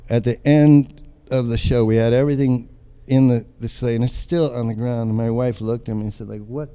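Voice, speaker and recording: Mellow-voiced older man telling a story. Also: mid-range voice, brisk, clean tone. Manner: animated storyteller acting out quoted voices. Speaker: guest artist. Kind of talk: casual storytelling chat.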